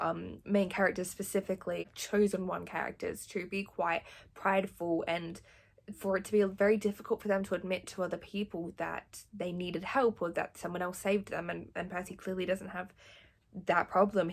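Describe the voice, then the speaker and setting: A young woman with an Australian accent chats and reads aloud in a casual vlog. Her voice has a gravelly fry, and she gushes excitedly, laughs a lot, and swears offhandedly. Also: lowish voice. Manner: laughs often. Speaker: book vlogger.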